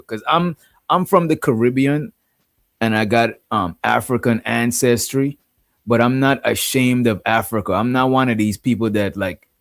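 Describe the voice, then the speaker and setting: A man's voice: on the low side, dry recording, studio quality. A man from Guyana with a Guyanese accent, hosting a casual livestream and rambling, often asking "you know what I'm saying". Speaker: livestream host.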